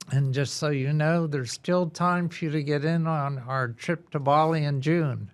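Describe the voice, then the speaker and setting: Slow, gravelly male podcast host. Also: mid-range voice. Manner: measured, conversational, with pauses. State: losing his voice. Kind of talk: podcast introduction.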